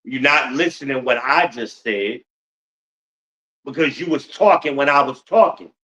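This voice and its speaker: A man's voice: mid-range voice, animated, unhurried, bright, forceful tone, lo-fi sound. A middle-aged man hosting a podcast in a blunt, profane ranting monologue, full of rhetorical questions to his listeners. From United States. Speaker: podcast host.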